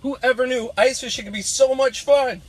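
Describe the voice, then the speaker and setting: A man's voice: extremely high pitch, steady tone, moderate pace. A man doing playful live commentary while ice fishing outdoors on a frozen pond, teasing the fish as he talks.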